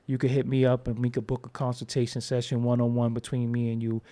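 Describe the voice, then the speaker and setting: A man's voice: mid-range voice, completely flat delivery, fast, warm tone. A man hosting his own channel, talking in a casual, profane, rambling monologue and acting out quoted voices as he tells stories. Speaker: host.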